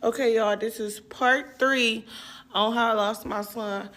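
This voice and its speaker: A woman's voice: on the high side, fairly even intonation, measured pace, a bit bright. A young woman telling her own painful story in casual, emotional talk, rambling and repeating herself with many fillers.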